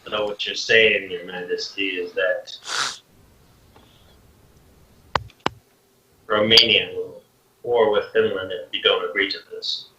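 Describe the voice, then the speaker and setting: A man's voice: deep voice, flat delivery, moderate pace, noisy background, voice pushed down, lightly acted. A man voicing a protective middle-aged father in a tabletop game. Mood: grim. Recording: roomy, distant, dull lo-fi mic.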